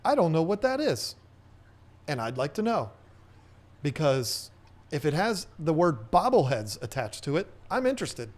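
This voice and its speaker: A man's voice: a little high, big pitch swings, moderate pace. A man hosting a casual livestream Q&A, chatting in a rambling way and reading viewer comments aloud. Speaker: host.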